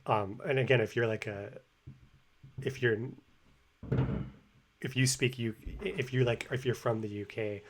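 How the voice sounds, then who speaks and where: A man casually commenting on a language learner's speech, pausing often with fillers and restarts. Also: mid-range voice, steady tone. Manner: halting, filler-heavy analysis. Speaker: host commenting on a learner's clip. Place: home room with construction noise above.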